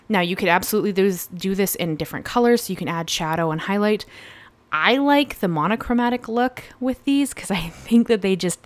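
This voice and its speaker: A woman's voice: medium pitch, no echo. A woman narrating a card-making tutorial in a casual, rambling voice-over, correcting herself often. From Canada. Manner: chatty, rambling, with fillers and self-corrections.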